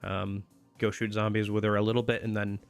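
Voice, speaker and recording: A man's voice: fairly low pitch, level tone, brisk, gravelly, faint music behind. A man casually commenting while he plays a video game, rambling with many fillers. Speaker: streamer playing a game. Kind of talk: casual let's-play commentary.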